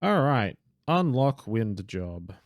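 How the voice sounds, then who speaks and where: Rambling low-voiced young male streamer. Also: sing-song, slow pace, no echo, dull audio. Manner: rambling, self-correcting, swears and laughs. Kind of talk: casual live gameplay commentary.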